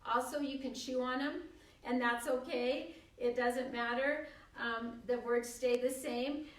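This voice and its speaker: A woman's voice: high voice, steady tone, measured pace, far from the mic. Older woman, echoey encouraging presenter. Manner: friendly and encouraging, with frequent ums. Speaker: early literacy presenter. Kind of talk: talk to parents on shared reading. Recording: echoey room, away from the mic.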